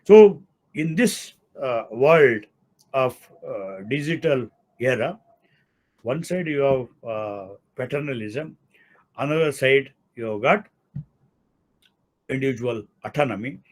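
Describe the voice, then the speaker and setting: A man's voice: medium pitch, lively intonation, slow pace, pauses often. A man in his sixties with an Indian English accent, a law professor giving an explanatory lecture and often using "see" and "okay". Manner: explanatory, repeats key words, uses "see" and "okay". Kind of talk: academic lecture.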